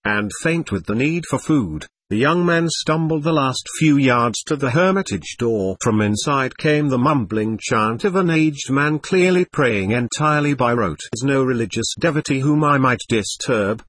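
Male narrator, audiobook, measured, solemn, husky, dry. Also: medium pitch, lively intonation, a bit bright, dry recording.

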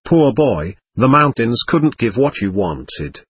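A man voicing a serene elderly male guru who speaks in a calm, measured, kindly way. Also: medium pitch, husky, no room sound, heavily acted. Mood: comforting.

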